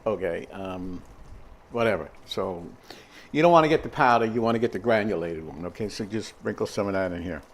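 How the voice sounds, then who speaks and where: Here the home cooking host, an older man, sounds on the low side, animated and brisk. He rambles casually through a recipe in his own kitchen, sprinkling in lots of fillers and asides.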